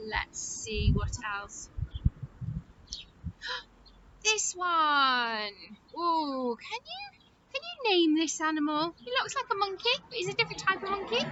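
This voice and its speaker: Sing-song woman teaching young children. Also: sits high. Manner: slow, sing-song, encouraging, clapping out syllables. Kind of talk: early-years phonics lesson. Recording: dull lo-fi sound with loud noise.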